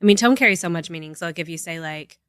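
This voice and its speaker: A woman's voice: on the low side, quick pace, clear, resonant tone, dry recording, studio quality. A woman co-hosting a casual podcast chat, explaining with examples and lots of "like" and "right?". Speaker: podcast co-host.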